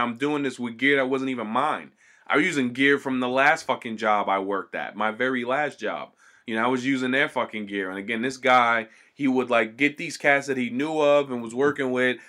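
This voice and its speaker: A man's voice: mid-range voice, pushed and bright. A man telling stories in a casual, profane way, swearing constantly and acting out the people he quotes.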